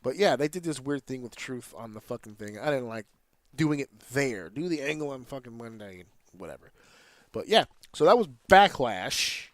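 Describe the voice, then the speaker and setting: A man's voice: medium pitch, lively intonation, moderate pace, no room sound. A man hosting a casual podcast, talking in an opinionated, rambling way and swearing freely. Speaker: podcast host.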